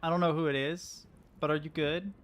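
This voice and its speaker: A man's voice: a little high, fairly even intonation, brisk, faint music behind. A man streaming a video game, chatting casually and rambling as he plays. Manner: chatty, rambling, laughs easily. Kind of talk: casual gameplay commentary.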